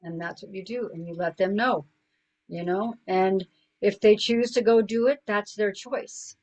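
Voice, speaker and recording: A woman's voice: mid-range voice, steady tone, measured pace, a little mellow, rough recording. A middle-aged woman, a guest coach, telling personal stories in an earnest, conversational way, full of "you know". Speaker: guest, suicide prevention coach. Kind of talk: conversational storytelling.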